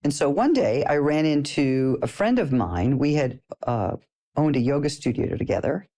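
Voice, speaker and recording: A middle-aged woman teaching a personal development course, talking in a playful, animated way and laughing often. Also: sits low, normal speed. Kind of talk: casual spoken lesson to listeners.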